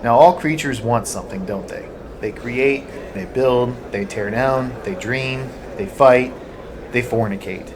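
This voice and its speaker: A man reading the part of a weary, gruff male Godsman who lectures impatiently, over a noisy home recording. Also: mid-range voice, a little slow, natural voice. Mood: weary lecturing. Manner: gruff, dismissive, speechifying.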